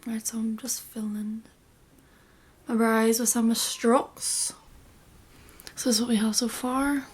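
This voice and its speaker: A woman's voice: fairly high pitch, steady tone, slow, a little hiss or hum. A young woman giving a casual makeup tutorial, chatty and rambling, often dropping into a half-whisper. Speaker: beauty vlogger.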